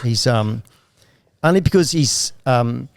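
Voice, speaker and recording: A middle-aged man talks at an ordinary, middle pitch, telling stories in loose podcast chat. He laughs often and swears freely. The sound is dry and close. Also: lively intonation, takes it slowly, vocal fry, dry recording. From Australia. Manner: laughing, profane storyteller. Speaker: guest jockey.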